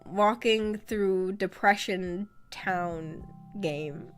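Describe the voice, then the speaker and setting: Woman vtuber rambling on stream, giggles a lot, mid-pitched voice, faint music under her. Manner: rambling and giggly, laughs often, trails off with fillers. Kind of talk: casual livestream chat. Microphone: streaming microphone. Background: faint background music.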